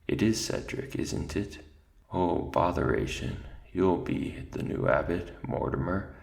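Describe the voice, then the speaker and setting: A man's voice: sits low, expressive, unhurried, creaky, a little mellow, exaggerated voice. Man voicing Methuselah, doddering ancient mouse. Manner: doddering, mumbling asides, then grave recital. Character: ancient absent-minded male mouse archivist.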